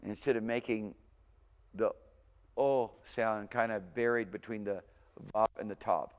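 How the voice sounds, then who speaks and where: A man's voice: fairly low pitch, steady tone, measured pace, smooth, in a large hall. A man giving an informal language lecture, thinking aloud and often correcting himself. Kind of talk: recorded university lecture.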